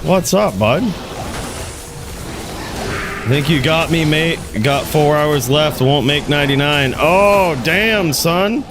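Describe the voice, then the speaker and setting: A man's voice: on the high side, slow, pauses often, over music. Laid-back cursing gaming streamer man. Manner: laid-back, profane, chatting with viewers while playing. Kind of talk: casual gaming commentary.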